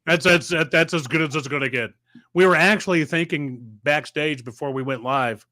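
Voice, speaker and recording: Middle-aged male podcast host, sweaty, teasing; slightly high bright voice, dry mic. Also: normal speed, no echo. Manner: joking, teasing banter. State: sweating in a hot room. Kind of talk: casual chat.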